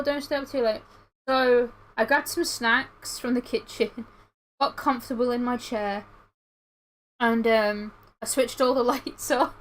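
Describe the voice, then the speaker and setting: A woman's voice: on the high side, a bit bright, low-quality recording. A young woman, rambling through a story while livestreaming, with lots of fillers and restarts. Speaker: streamer.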